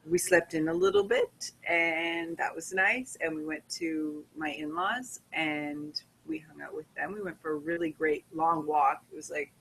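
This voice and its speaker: A woman's voice: lowish voice, very animated, measured pace, gravelly, hardly any pauses, fairly bright tone, a little hiss or hum, rough recording. A woman co-hosting a casual podcast from home, chatty and upbeat. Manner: chatty and upbeat, laughing easily. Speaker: podcast co-host. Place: home by the fire.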